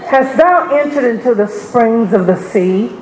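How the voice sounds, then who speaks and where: A congregant slowly reading old-style scripture verses aloud during a sermon. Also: mid-range voice, lively intonation. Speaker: scripture reader. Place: church. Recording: echoey church with faint noise.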